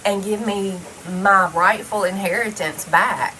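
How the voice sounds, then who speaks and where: A woman's voice: medium pitch, takes it slowly, bright, forceful tone, slight background noise, poor audio. A woman talking straight to the camera in a casual personal monologue, blunt and heavily profane, rambling loosely from one thought to the next. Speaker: vlogger.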